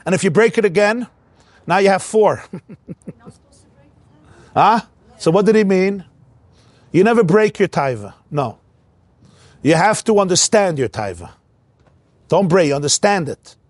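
A man with a high voice teaches a religious lesson in a lively, animated way, slipping into the voices he quotes. The sound is dry and close, with no room around it. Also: a little slow, pauses often, dry recording. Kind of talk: spoken Torah lesson.

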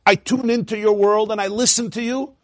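A man giving an animated lecture on Hasidic teaching as a Torah teacher, firing rhetorical questions and often laughing. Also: high voice, fairly quick, no echo, clean studio sound.

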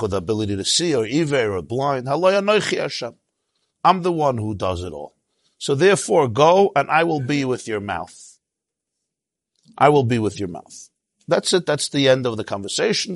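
A man's voice: fairly low pitch, no echo. A man teaching a Torah class in a conversational way, with jokes and asides, and his voice jumps up when he stresses a point.

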